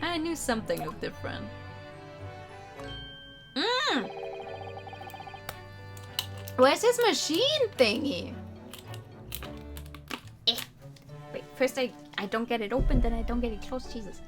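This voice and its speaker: A woman's voice: high voice, sing-song, slow, pauses often. A woman casually chatting and giggling while streaming a game, reading its dialogue aloud. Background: game music.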